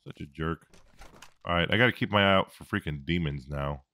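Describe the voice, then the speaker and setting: A man's voice: low-pitched, brisk, noisy background. A man commentating his own gameplay, reacting, joking and swearing as he fights. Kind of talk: let's-play commentary.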